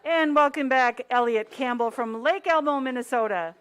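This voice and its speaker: A woman's voice: sits high, normal speed, a bit bright, clean tone. A woman announcing skiers at a race finish line, welcoming each finisher by name in an upbeat way. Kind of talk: live race-call announcing.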